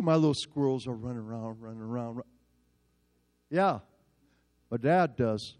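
A male pastor telling a story in a sermon, animated and self-mocking. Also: mid-range voice, moderate pace, pauses often.

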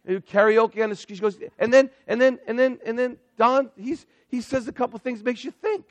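A male pastor preaching a sermon in an animated way, swinging between loud emphatic lines and hushed asides. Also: very high-pitched, fairly quick, dry recording.

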